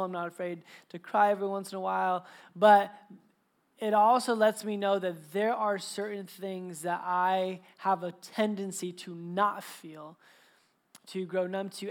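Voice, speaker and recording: A man in his thirties, a pastor preaching a sermon to his congregation, telling family stories in a chatty, joking way with many restarts and laughs. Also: high voice. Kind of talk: sermon with personal storytelling. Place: church service before a live congregation.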